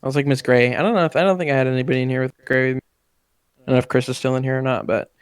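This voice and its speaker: A man's voice: mid-range voice, fairly even intonation, rapid-fire, clear, resonant tone, no echo. A young man co-hosting a casual chat with friends, telling rambling stories and swearing freely. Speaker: co-host.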